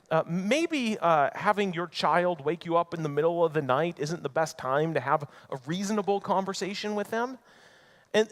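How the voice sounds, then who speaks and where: A man preaching a sermon in a church, telling a Bible story conversationally and acting out the characters' lines. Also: high-pitched. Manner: storytelling with acted-out voices, conversational asides. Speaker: pastor. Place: church sanctuary.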